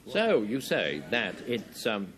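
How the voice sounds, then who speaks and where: A man hosting a 1970s panel game show, wry and brisk as he calls on players. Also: on the low side. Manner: lively, wry, reads out definitions. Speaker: quiz show host. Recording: 1970s studio broadcast with audience, noisy. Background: studio audience.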